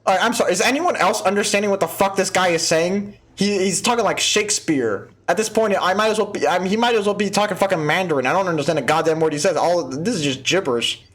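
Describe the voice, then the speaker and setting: A man's voice: high voice, fast, hardly any pauses, fairly bright tone. A man hosting a gaming video, talking through a game with profane jokes and frequent laughter. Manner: profane, joking, laughs often. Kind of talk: let's play commentary.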